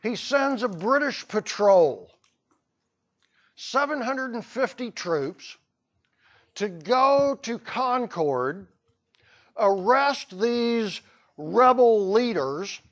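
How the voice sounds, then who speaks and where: A man's voice: sits high, very animated, extremely slow, highs cut off. A man teaching a history lesson to a class, telling the story with playful asides. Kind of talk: classroom lecture.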